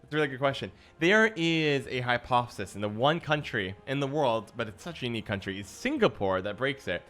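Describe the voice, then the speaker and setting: A man's voice: medium pitch, expressive, fairly quick, a bit bright. Chatty man streaming a card game. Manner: chatty, musing, self-deprecating. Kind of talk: casual livestream chat while gaming.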